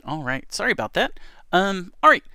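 Man, radio host, reads news casually, trips over words and fixes them, bouncy pitch, dry close sound. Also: sing-song, moderate pace, pushed and bright, no room sound. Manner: stumbles and corrects himself aloud.

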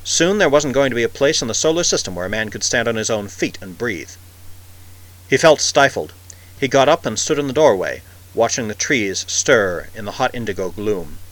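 A man narrating a science-fiction story in a measured, expressive reading. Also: medium pitch, low-quality recording. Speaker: audiobook narrator.

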